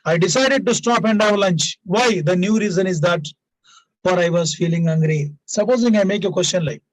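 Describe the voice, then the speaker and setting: A man's voice: high voice, normal speed, dry recording, poor audio. A man teaching an English grammar lesson to students, explaining usage through example sentences and repeating key points, often tagging lines with "now" and "please".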